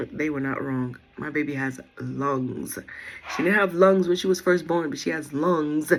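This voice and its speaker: Woman vlogger, casual rambling storyteller, gravelly fry, faint room noise. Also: deep voice, fairly even intonation, unhurried. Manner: chatty, rambling, lots of fillers. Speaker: new mother telling her birth story. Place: at home.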